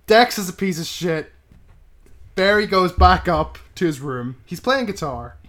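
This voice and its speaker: A man co-hosts a podcast, recapping a movie in casual, profane film-review chat and tagging lines with "right?". His high voice has lively intonation and a fairly bright tone, and he speaks a little slowly.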